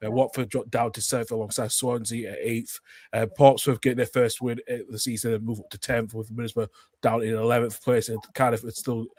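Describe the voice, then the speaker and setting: A man's voice: medium pitch, flat delivery, fairly quick, a little mellow, no room sound. A man hosting a casual football podcast, rambling through results and sign-offs and tacking "as well" onto his sentences. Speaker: podcast host.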